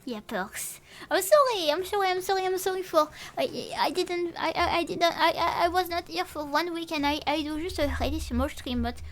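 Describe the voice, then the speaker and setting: A young woman who speaks natively, chatting casually on a live stream in a rambling, halting way with many restarts and playful swearing. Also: very high-pitched. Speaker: VTuber streamer.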